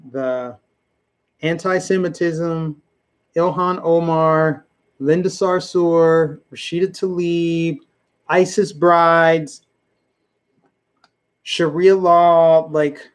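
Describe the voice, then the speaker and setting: A man with a fairly high voice hosts a live political commentary stream. He hammers his points home emphatically and keeps repeating them. Between points he talks directly to the people in his chat. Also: clear, resonant tone. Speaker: livestream host.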